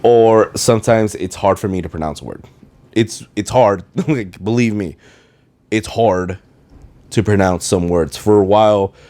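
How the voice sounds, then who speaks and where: Low-voiced man with Spanish-tinged English. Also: mellow. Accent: Spanish-influenced English, rolled R's. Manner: rambling, loses his train of thought. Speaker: podcast host. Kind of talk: casual rambling monologue. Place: at home, dishwasher running. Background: faint video game music.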